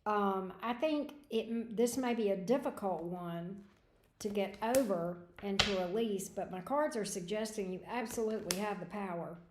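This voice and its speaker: A woman's voice: mid-range voice, normal speed, echoey room, background noise. A woman giving tarot readings on a livestream, thinking aloud in a hesitant, rambling way. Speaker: tarot reader. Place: home room at a desk.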